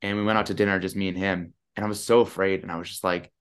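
Man, 30s, podcast guest on a video call, lowish voice, animated casual storyteller. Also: fast talker, few pauses, clear, resonant tone. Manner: animated, chatty, lots of "I'm like".

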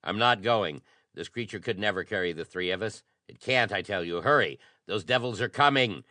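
Stubborn pulp adventurer, urgent and commanding, read by a man; low voice, dry close mic. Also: moderate pace, pushed and bright, no echo.

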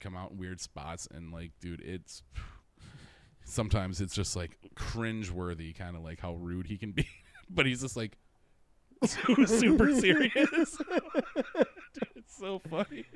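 A man's voice: deep voice, normal speed. A man co-hosting a casual podcast, reading out listener comments, laughing often and swearing freely. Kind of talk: casual chat.

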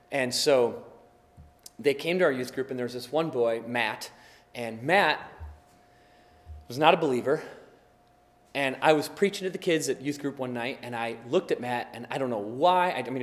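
Pastor preaching in an echoing church. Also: male voice, mid-range voice. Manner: conversational storytelling that builds to fervent preaching, then a hushed prayer. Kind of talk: sermon. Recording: long hall reverb.

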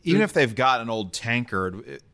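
Guy with a sharp bright voice cracking snarky jokes about a movie. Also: medium pitch, big pitch swings. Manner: quick sarcastic quips, silly put-on voices. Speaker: podcast co-host. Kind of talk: casual movie-review chat.

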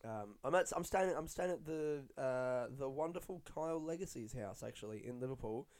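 A young adult man, a stand-up comedian, rambling in a casual, excitable monologue full of swearing. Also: medium pitch, moderate pace. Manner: profane, chatty, excitable.

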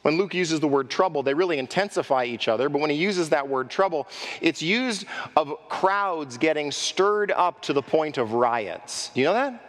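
A man preaching a sermon as pastor, animated, acting out quoted speech and asking the congregation direct questions. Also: fairly high pitch, normal speed. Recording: echoey hall reverb.

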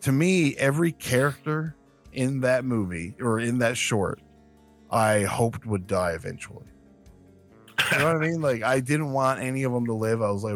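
A man's voice: mid-range voice, animated, normal speed, faint music behind. A young man co-hosting a podcast, speaking in a hesitant, rambling way with frequent restarts. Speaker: podcast co-host. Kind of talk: casual chat.

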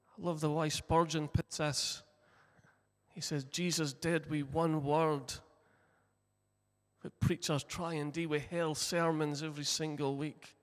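A man preaching a sermon, retelling a story and acting out its voices, moving between loud, passionate lines and hushed ones. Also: fairly high pitch, flat delivery, slow. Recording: long hall reverb.

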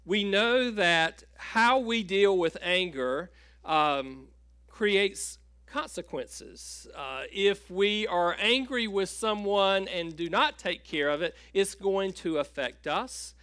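Slow, bright-voiced male pastor preaching. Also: high-pitched, lively intonation, smooth, no room sound, clean studio sound. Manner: halting, with many fillers and restarts; storytelling with a joke. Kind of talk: sermon.

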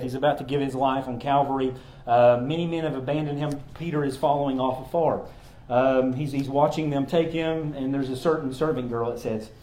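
A man's voice: mid-range voice, a little mellow, roomy sound. A man giving an earnest sermon, explaining a word closely with many ums and restarts. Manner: earnest, explanatory, with frequent ums and repeated words. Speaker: pastor.

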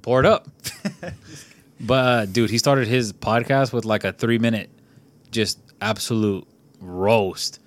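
A man's voice: lowish voice, steady tone, takes it slowly, pauses often. A young man hosting a podcast, talking loosely and profanely and rambling with plenty of "like" as he chats with friends. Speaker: podcast host. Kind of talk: casual podcast chat.

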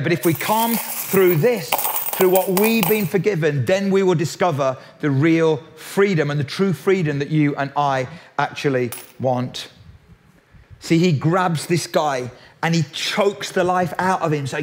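A man preaching a sermon in a lively, jokey way, often restarting his sentences. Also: on the high side. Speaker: pastor.

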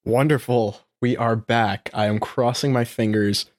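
Dry, relaxed male podcast co-host. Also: mid-range voice, measured pace. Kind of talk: casual chat.

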